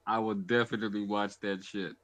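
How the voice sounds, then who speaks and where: A man's voice: on the low side, flat delivery, brisk, crowd noise. A man co-hosting a live stream, reacting casually with swearing and frequent laughter. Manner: laughs often, profane reactions. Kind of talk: casual chat.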